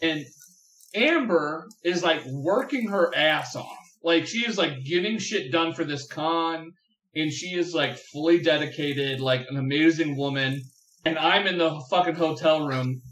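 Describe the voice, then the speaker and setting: A young man telling a rambling, profane story on a podcast, full of fillers and animated outbursts. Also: fairly high pitch, measured pace, echoey room, poor audio. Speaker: podcast guest. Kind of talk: casual storytelling chat.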